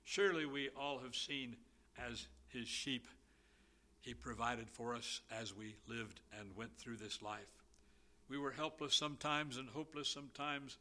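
A man preaching a sermon, slow and emphatic, with a volume that swells and drops. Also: medium pitch, bright, forceful tone.

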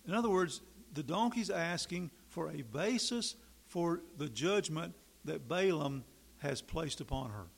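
A man preaching a sermon, emphatic, rising loud and high for key points and dropping to quiet asides. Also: animated, a little slow, gravelly, breathy edge.

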